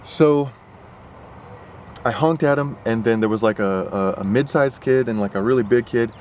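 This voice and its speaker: A young man rambles through a casual vlog, sounding worked up and padding his talk with fillers. His voice sits at an ordinary middle pitch. Faint street noise stays in the background. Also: moderate pace, a little mellow. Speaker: vlogger. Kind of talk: casual chat. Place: partly in a car.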